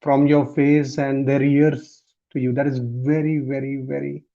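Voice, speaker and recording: A man from India hosting an interview, giving short, halting, encouraging replies to his guest. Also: medium pitch, level tone, creaky, phone-quality sound. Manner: brief affirming responses, halting phrasing. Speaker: host.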